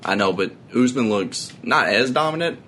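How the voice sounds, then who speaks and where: A young man co-hosts a casual podcast conversation, easygoing and agreeable, saying "yeah" a lot. His mid-range voice is animated and fairly bright at normal speed, with slight background noise.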